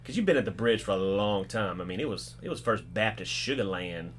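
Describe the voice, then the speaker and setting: A man's voice: fairly low pitch, animated, fairly quick, fairly bright tone. A man hosting a casual church podcast for small group leaders, upbeat, joking and emphatic.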